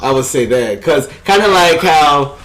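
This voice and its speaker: A man from Georgia with a Southern accent, co-hosting a podcast in a calm, measured, dry way. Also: a little high. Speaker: podcast co-host. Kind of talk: casual chat. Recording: audible background noise.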